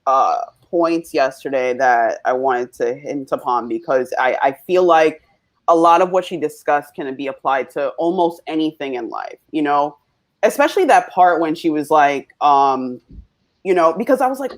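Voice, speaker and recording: A woman's voice: low voice, lively intonation, normal speed. A woman co-hosting a podcast in casual chat, telling personal stories in a conversational way with many fillers. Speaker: podcast co-host.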